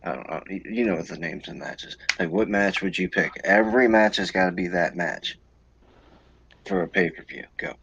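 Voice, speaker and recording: A man's voice: deep voice, gravelly, sharp tone, a little hiss or hum, rough recording. A man in a casual podcast chat, asking loose, rambling questions of his co-hosts.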